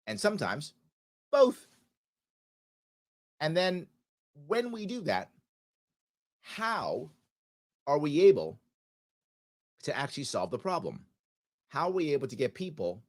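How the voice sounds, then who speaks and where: A man hosting a live talk radio show, his voice nasal and stuffy from allergies, talking emphatically with rhetorical questions and sarcastic asides. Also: fairly high pitch. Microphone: studio microphone.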